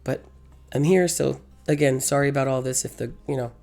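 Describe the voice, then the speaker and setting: Hoarse lady doing a craft tutorial, gravelly and low-toned, music soft behind. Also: steady tone, fairly quick. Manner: chatty, rambling, self-correcting. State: hoarse, losing her voice. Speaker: craft channel host. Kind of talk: casual crafting tutorial voice-over.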